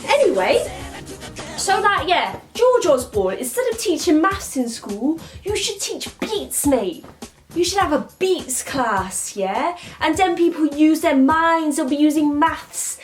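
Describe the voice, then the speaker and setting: A woman's voice: high voice, very animated, unhurried, soft background music, pitched above the performer's own voice. A woman playing a slangy, cocky young woman. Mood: brash. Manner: slangy, rambling, ungrammatical, says mate constantly. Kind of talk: comedy sketch monologue.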